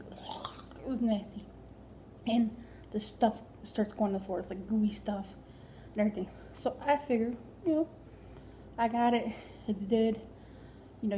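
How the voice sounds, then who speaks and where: A woman comedian telling a funny story, animated, dropping to whispers for effect and repeating herself in bursts. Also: mid-range voice, a little hiss or hum, poor audio. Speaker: stand-up comedian. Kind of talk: comic storytelling.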